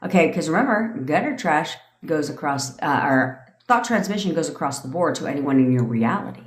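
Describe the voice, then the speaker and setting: A middle-aged woman with a low voice coaches her listeners in a casual livestream rant. She is blunt and profane, swearing as she goes. Her voice rings in an echoey room. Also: lively intonation, brisk. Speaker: manifestation coach.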